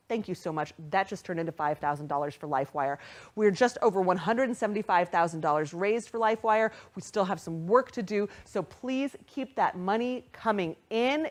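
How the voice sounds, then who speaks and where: A young adult woman hosting a virtual charity gala, reading out donations with upbeat, excited patter. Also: fairly low pitch. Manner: upbeat, animated, bursts of excited squeals at donations. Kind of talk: live fundraising emcee patter.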